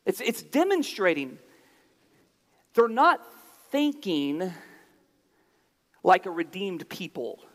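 A man with a very high voice delivers a sermon slowly and deliberately, unpacking scripture as he goes. He is very animated and restarts phrases for emphasis, and his words ring out with the long reverb of a large hall.

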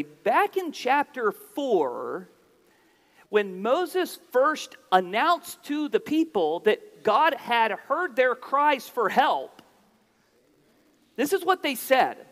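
A man with a very high voice preaches slowly and deliberately, unpacking scripture as he goes. He restarts phrases for emphasis. His words ring out with the long reverb of a large hall. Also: big pitch swings, a bit bright. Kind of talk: sermon.

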